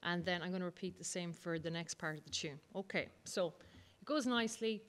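A woman's voice: lowish voice, a little fast, very noisy. A woman with an Irish accent teaching the bodhrán, patiently explaining and counting the beats aloud. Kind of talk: music lesson demonstration. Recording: loud drumming behind the voice.

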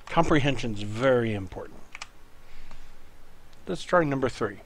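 A man's voice: mid-range voice, lively intonation, normal speed, gravelly, pauses often, slightly rough. A man teaching a language lesson while typing at his computer, patiently talking the student through each step. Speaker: Greek teacher. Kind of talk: screen-recorded tutorial lesson.

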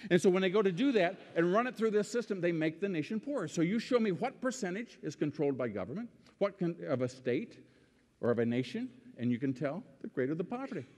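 A middle-aged man addresses a live audience with folksy anecdotes, slowing down to pause for effect. He builds to fervent, emphatic peaks. His voice carries with a long reverb through a large hall. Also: high voice, very animated, a little mellow. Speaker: political speaker. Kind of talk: public speech to an audience.

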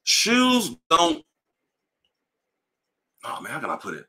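A man hosting a livestream, ranting in a casual, profane way, animated and repeating himself. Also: fairly high pitch, takes it slowly. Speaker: livestream host. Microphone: livestream mic.

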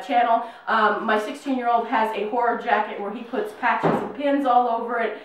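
A middle-aged woman hosting a casual horror unboxing vlog at home, bubbly and gushing, with lots of fillers. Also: a little high. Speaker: YouTube unboxing host. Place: home room, in New Mexico. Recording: very echoey room, mic at a distance.

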